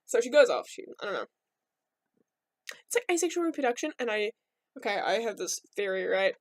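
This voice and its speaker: A woman's voice: mid-range voice, sing-song, brisk, no room sound. A young woman telling myths as a casual, rambling vlog story, full of irreverent asides. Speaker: vlogger.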